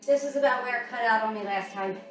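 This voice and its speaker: A woman's voice: a little high, fast. A woman fitness instructor coaching a workout while doing it herself, out of breath, counting down and calling out moves. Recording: echoey room, voice from far off, music playing.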